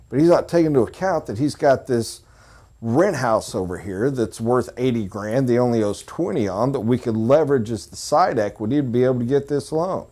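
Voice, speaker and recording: A man giving a sales training talk, blunt and joking, who addresses his audience directly with quick asides. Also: medium pitch, lively intonation, dark tone. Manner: blunt, joking, pointed emphasis.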